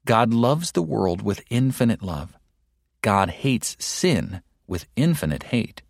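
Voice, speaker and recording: A man delivering a sermon in a slow, deliberate and emphatic way, with stern rebuking asides. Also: on the low side, very animated, vocal fry, dry recording, clean studio sound. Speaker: preacher. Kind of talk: sermon read aloud.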